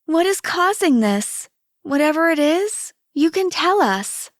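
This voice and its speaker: A woman doing a gentle, high, worried mom. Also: very animated, unhurried. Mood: concerned.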